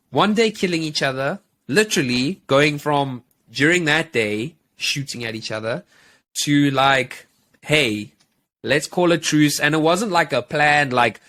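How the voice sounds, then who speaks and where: A man's voice: on the high side, bright, forceful tone. A man co-hosting a podcast, telling a story in a casual, rambling way with many fillers. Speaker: podcast co-host.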